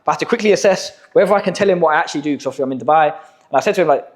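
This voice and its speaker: A man's voice: fairly high pitch, very fast. A young English man hosting a casual podcast chat, telling stories in slangy, profane talk. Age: young adult. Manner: slangy, swearing, storytelling. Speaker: podcast host, agency owner.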